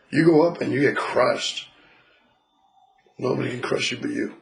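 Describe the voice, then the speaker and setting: A man's voice: mid-range voice, normal speed, vocal fry, pauses often, rough recording. A man giving a casual spiritual reading to a client, blunt and swearing, often laughing and acting out what people say. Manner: blunt, swears freely, laughs, acts out quotes. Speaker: spiritual reader.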